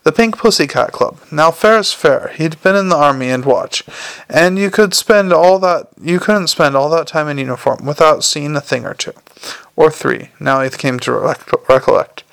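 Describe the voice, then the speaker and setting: A man's voice: fairly high pitch, normal speed, gravelly, fairly bright tone, smooth, no echo. A man narrating an audiobook in a dry, wry storytelling manner. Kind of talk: scripted narration.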